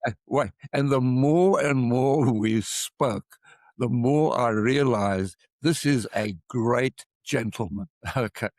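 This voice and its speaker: An older man with a South African accent, an expert witness talking in a measured, emphatic way and repeating points for stress. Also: medium pitch, a little mellow, no room sound. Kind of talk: casual interview talk.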